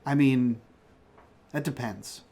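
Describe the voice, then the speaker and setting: A man's voice: mid-range voice, takes it slowly, dark tone. A man playing his character in a tabletop role-playing game, questioning and bargaining. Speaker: player.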